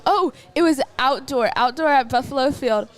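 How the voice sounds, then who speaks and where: A woman's voice: high-pitched, moderate pace. A teenage girl with a Texan accent co-hosting a live archery stream, rambling through stories with giggles. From Texas. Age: teens. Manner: chatty, rambling storytelling with giggles. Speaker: livestream co-host. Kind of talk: casual live commentary chat.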